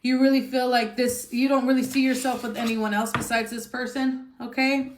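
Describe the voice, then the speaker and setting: A woman's voice: a little high, flat delivery, moderate pace, slight background noise. A woman giving a casual tarot reading, blunt and emphatic, swearing freely and using lots of fillers. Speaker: tarot reader. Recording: echoey room.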